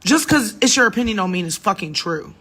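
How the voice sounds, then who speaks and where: A woman's voice: mid-range voice, expressive, brisk, a bit bright, slight background noise. Tipsy woman rambling on a livestream. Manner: rambling, profane, emphatic. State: a little drunk. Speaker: singer livestreaming to fans. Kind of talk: casual late-night livestream chat. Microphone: phone livestream.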